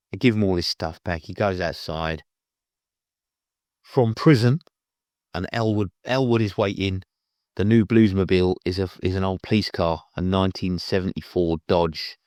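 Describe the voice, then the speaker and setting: A man's voice: low-pitched, no echo, clean studio sound. A man reviewing a film, retelling the plot in a rambling, casual way with many restarts.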